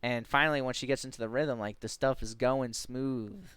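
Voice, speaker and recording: Man, streamer, casual storytelling, smooth clear voice, dry close sound, lively and animated. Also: normal speed, dry recording. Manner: animated, jumps into high excited voices when quoting.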